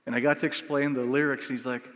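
A man's voice: mid-range voice, flat delivery, quick pace, fairly bright tone. Male pastor, sermon, mid-range voice, storytelling with emphatic bursts, long church-hall reverb. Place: church sanctuary.

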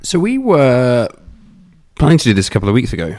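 A man's voice: medium pitch, huge pitch swings, brisk, a little mellow, no room sound, clean studio sound. A man interviewing a guest in casual chat, prompting him with conversational questions.

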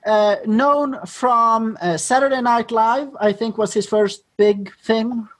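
A woman's voice: a little high, slow pace. Playful woman podcast host. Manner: playful, laughs often. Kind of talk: casual chat.

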